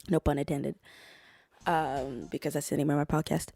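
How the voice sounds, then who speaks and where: A woman's voice: low-pitched, steady tone, a little slow, vocal fry, mellow, dry recording. Profane, rambling woman podcast host. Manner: rambling, profane storytelling with laughter. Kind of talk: casual chat.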